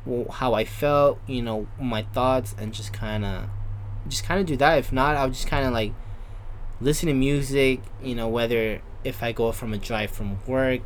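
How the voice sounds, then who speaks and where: A young man appears as a podcast guest in casual chat, rambling with plenty of fillers like "you know" and "kinda." His mid-range voice keeps a steady tone at normal speed, with a little hiss or hum in the recording.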